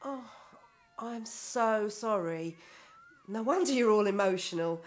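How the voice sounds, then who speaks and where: A woman's voice: medium pitch, expressive, slow pace. An actress playing a blunt, chatty single mother of three. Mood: sympathetic. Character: blunt warm single mum of three, homeless. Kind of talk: TV drama acting.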